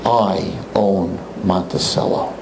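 A powerful, boastful club owner growls his threats slow and low, dropping well under his usual pitch, as a storytelling man puts him on. Each word lands heavy and deliberate. A faint hum of background noise hangs behind him. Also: fairly even intonation, creaky, full character voice. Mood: menacing.

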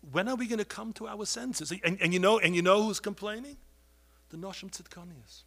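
Preacher guy, high bright voice, passionate, keeps pleading, everywhere. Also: fast, creaky. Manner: pleading, rises to loud outbursts, heavy Yiddish and Hebrew terms. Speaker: rabbi giving a talk. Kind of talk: impassioned sermon.

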